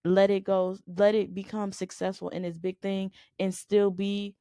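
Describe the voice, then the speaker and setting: A woman co-hosting a faith podcast. She preaches conversationally, driving each point home through repetition and rhetorical questions. She has a gravelly edge, a middling pitch and a dry, close recording. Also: level tone, moderate pace, warm tone, no room sound. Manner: emphatic, repeats "you know what I'm saying". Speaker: podcast co-host.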